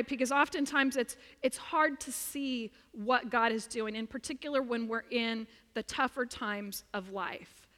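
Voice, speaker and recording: A woman's voice: fairly high pitch, unhurried, few pauses, fairly bright tone. A woman pastor preaching a sermon in an earnest, emphatic way, repeating her points. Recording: long reverb of a large room.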